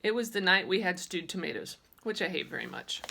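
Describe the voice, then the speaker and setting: A woman narrating a children's audiobook in a lively, childlike storytelling manner. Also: on the low side, brisk, creaky, slight background noise. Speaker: audiobook reader.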